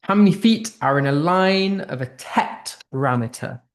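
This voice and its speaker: A man's voice: on the high side, lively intonation, unhurried. Upbeat British man teaching online. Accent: British English. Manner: upbeat, thinks aloud while reading out quiz answers. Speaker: English tutor. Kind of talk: online class quiz.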